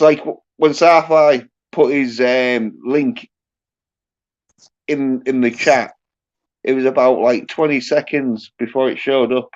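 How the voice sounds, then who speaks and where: Brief: slow, halting male streamer, casual swearing, muffled lo-fi sound. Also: medium pitch, darkish tone. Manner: halting, profane, joking. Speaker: host. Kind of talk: casual livestream chat. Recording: muffled lo-fi audio.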